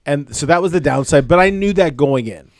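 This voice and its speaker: A man's voice: a little high, lively intonation, fairly quick, no echo, studio quality. A middle-aged man co-hosting a podcast, chatting casually in a rambling way with many restarts and fillers. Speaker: podcast co-host. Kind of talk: casual chat.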